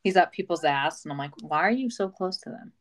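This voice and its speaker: A woman's voice: low voice, expressive, a little fast, poor audio. A young woman co-hosting a casual chat, laughing often and acting out stories with dramatic voices. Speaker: podcast co-host.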